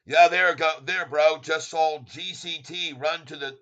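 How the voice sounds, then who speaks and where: A man hosting a stock livestream, chatting with viewers and reading their comments. He gets loud and excited at times. His voice sits fairly high and sounds bright and forceful. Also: measured pace, dull audio, a little hiss or hum. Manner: excitable, bursts into loud cheers over price jumps.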